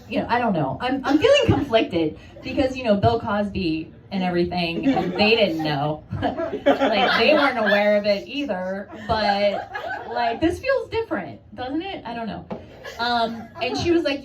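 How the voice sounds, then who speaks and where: A woman's voice: fairly high pitch, very animated, measured pace. A woman performing a stand-up comedy set, telling stories in a conversational, self-deprecating way. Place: comedy club stage. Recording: noisy club room from a distance. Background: audience laughter.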